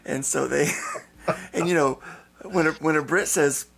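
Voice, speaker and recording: A man's voice: on the high side, unhurried, creaky, a bit bright. A man hosting a casual panel podcast, joking and rambling with fillers. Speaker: podcast host.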